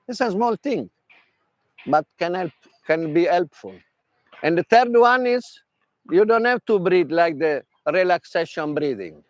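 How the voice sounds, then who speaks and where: Animated Italian man coaching in English. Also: sits high, no echo. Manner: broken English, animated, demonstrates with gestures. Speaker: tennis mental coach. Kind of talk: workshop talk.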